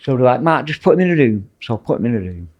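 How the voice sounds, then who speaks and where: His medium-pitched voice swings widely in pitch as he races along, with the high frequencies cut off. He's a Mancunian ex-prison officer from Manchester, England, telling blunt, rambling tales as a guest in a casual podcast interview.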